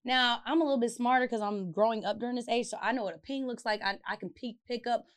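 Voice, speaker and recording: A young woman co-hosting a podcast, telling a personal story in casual chat, animated and profane, with sudden shouted outbursts. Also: on the high side, quick pace, clean tone. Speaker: podcast co-host.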